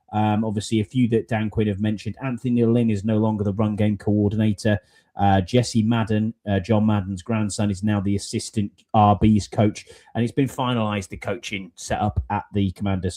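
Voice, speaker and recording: A man's voice: lowish voice, warm tone. A man hosting a podcast in casual, rambling chat, with many fillers. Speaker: podcast host.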